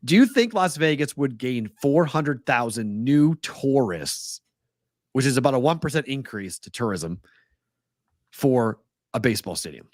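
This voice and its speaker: Middle-aged Boston-accented sports talk co-host, chatty, laughs easily, very dry close sound. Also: male voice, mid-range voice, big pitch swings, unhurried, no echo. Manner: chatty storyteller, laughs often.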